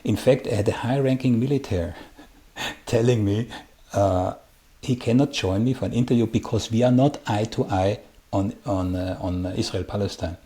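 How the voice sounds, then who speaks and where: A man's voice: on the low side, normal speed, warm tone. A man hosting a conversational interview, talking emphatically with repeated words and dry asides. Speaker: interview host.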